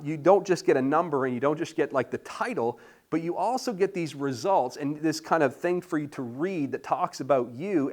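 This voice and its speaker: A man preaching a sermon as pastor, animated and playful with asides to the congregation. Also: a little high. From Canada.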